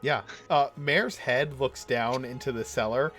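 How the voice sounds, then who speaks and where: A male dungeon master narrates a tabletop game, describing the scene at an unhurried pace. His voice sits at a middle pitch and often stalls on "uh" and "um". Faint music plays underneath. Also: a bit bright. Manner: casual, halting with many fillers.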